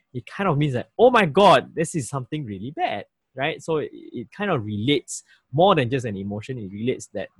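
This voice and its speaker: A man's voice: mid-range voice, slightly rough, dry recording. A man from Malaysia casually explaining slang, acting out phrases with frequent laughs. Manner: animated, acts out phrases, laughs often. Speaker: guest explaining language.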